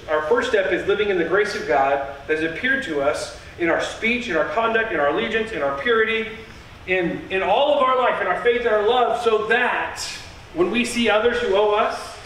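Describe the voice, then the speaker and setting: Brief: high-pitched male preacher, earnest and emphatic, recorded from a distance in a very echoey sanctuary. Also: a bit bright, a little hiss or hum. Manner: earnest, emphatic, with repeated phrases. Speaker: pastor. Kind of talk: sermon. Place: church sanctuary. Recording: echoey church heard from a distance.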